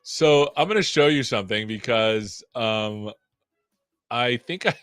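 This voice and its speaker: A man's voice: medium pitch, lively intonation, a little slow, fairly bright tone, clear, resonant tone, dry recording, clean studio sound. A man hosting a casual tech livestream, joking around and poking fun at himself. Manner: joking, self-deprecating. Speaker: tech show host.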